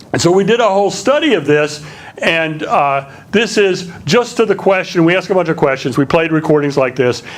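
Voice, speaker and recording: A linguistics professor with a slight Southern accent and a fairly high voice gives a public lecture, speaking conversationally with many fillers and restarts.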